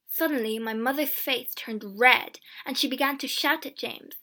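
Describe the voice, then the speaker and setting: A woman reading a storybook aloud in a clear, steady first-person narration. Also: high-pitched, normal speed, hardly any pauses.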